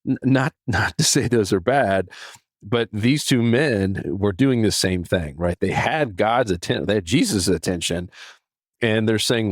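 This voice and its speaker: Earnest low-voiced man talking faith. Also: moderate pace, no room sound, studio quality. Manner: earnest, animated, many restarts and fillers. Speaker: podcast host. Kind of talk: casual devotional talk.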